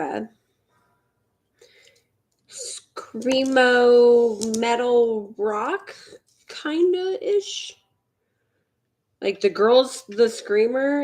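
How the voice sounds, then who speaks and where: A Southern-accented woman from Mississippi hosts a livestream, chatting casually while she beads. Her voice sits on the high side with a darkish tone, and she rambles in an offhand way, swearing casually.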